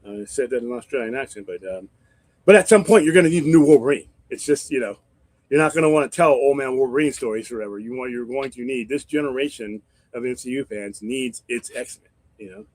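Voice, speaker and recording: A man hosts a casual live-stream chat, wandering from thought to thought with restarts and loose swearing. His voice sits at an ordinary middle pitch. The sound is dry and close, with no room behind it. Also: fast, darkish tone, no room sound. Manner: rambling, profane, thinks aloud with restarts. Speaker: host.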